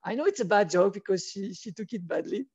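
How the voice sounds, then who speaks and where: A man chats through a rambling, enthusiastic story, often restarting mid-sentence. His voice is warm and mellow. The audio is dry and a bit dull and lo-fi. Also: high voice, expressive, fast, slightly rough, no room sound. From France. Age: 40s. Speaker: wedding photographer, guest. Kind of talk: casual interview chat.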